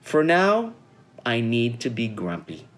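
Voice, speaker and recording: A man voicing a sulky, stubborn male monkey with high, protesting denials in a storybook reading. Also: huge pitch swings, takes it slowly. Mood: indignant.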